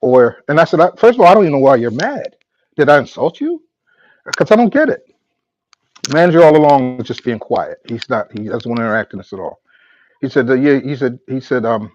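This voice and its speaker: A man's voice: mid-range voice, animated, a little mellow, no room sound, muffled recording. A man hosting a podcast and recounting a conversation in a casual monologue. He stops and restarts his sentences often and acts out both sides of the exchange. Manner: halting, repeats words and restarts often. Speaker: podcast host.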